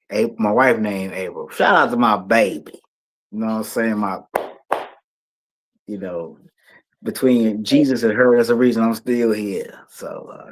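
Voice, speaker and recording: A middle-aged man with a Washington D.C. accent, telling stories as a guest in a casual, slang-heavy interview and acting out the voices he quotes. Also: on the low side. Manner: animated, acts out quoted voices, loose slang-heavy talk. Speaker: guest musician.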